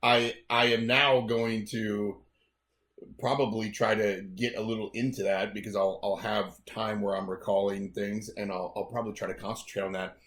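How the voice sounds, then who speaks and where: An American man co-hosting a casual podcast, enthusiastic and quick to poke fun at himself. His voice sits very low, and he laughs often between thoughts. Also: flat delivery, a bit bright. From United States. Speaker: podcast co-host.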